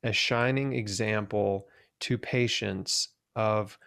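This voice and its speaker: A man's voice: fairly low pitch, steady tone, takes it slowly, vocal fry, fairly bright tone. A man hosting an interview, chatty with lots of fillers. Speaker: podcast host. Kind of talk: casual interview chat.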